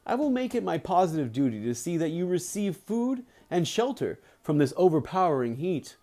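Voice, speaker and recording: A kindly, devout stranger on a train speaks with formal courtesy, as a man reads him aloud. The voice sits fairly high and moves through a lively range of pitch. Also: normal speed. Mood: courteous.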